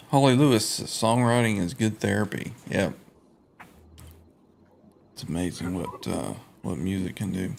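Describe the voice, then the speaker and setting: A male host with a low, gravelly voice who talks slowly on a casual live stream. He welcomes viewers in a relaxed way and keeps clearing his throat. The tone stays easygoing and conversational.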